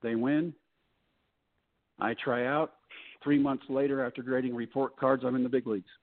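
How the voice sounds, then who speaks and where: A man's voice: mid-range voice, steady tone, moderate pace. A middle-aged man telling his story as a podcast guest in a folksy way, acting out the people he quotes. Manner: folksy, acts out quoted voices. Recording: tinny phone-like line.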